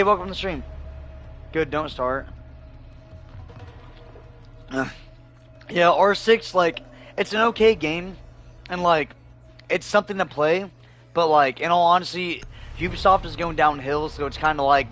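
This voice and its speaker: Hoarse man chatting on a game stream. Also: a little high, a bit bright. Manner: loose rambling storytelling, laughs often, swears freely. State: losing his voice, hoarse. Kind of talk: casual livestream chat while gaming.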